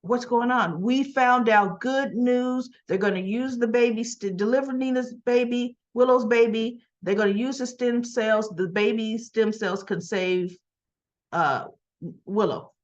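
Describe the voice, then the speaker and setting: A woman's voice: fairly high pitch, measured pace, muffled recording. A woman casually recapping a soap opera episode, opinionated and chatty, with frequent asides.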